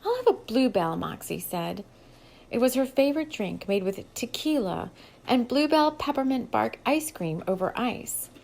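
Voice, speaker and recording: A woman's voice: on the high side, expressive, unhurried, creaky, darkish tone, rough recording. Woman reading her own novel aloud. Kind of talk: audiobook narration.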